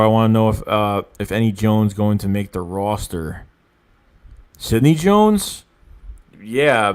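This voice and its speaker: A young man from the Philadelphia area chats his way through a fan livestream in a mid-range voice, reading out comments and reacting. He is excitable and rambling, jumps between hype and grumbling, and restarts his sentences a lot. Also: mid-range voice. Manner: excitable, swears and groans at himself, lots of restarts. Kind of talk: casual livestream chat.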